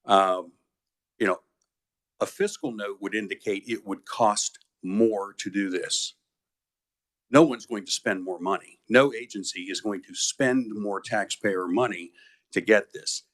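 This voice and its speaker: Lower-voiced man arguing a point. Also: unhurried, fairly bright tone. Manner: argumentative, explaining with hesitations. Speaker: witness testifying. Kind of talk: committee testimony.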